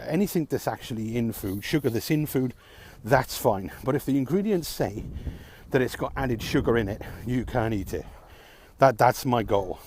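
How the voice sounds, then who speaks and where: A man's voice: mid-range voice, a little mellow, a little hiss or hum. A man talking alone to camera in a frustrated, sarcastic rant, swearing often. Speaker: vlogger. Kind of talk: ranting vlog monologue.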